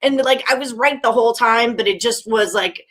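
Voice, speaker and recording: Young woman, slightly high voice, giggly chatty podcast guest. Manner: giggly, quick animated storytelling. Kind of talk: casual chat.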